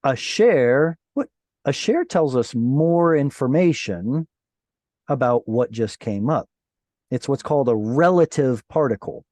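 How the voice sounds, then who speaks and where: A male Hebrew teacher leading an online class. He explains grammar in an unhurried, patient way and keeps quizzing his students with playful questions. His voice is soft and mellow, and the sound is dry and close. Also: mid-range voice, lively intonation, dry recording. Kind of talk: online Bible Hebrew lesson. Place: online class over video call.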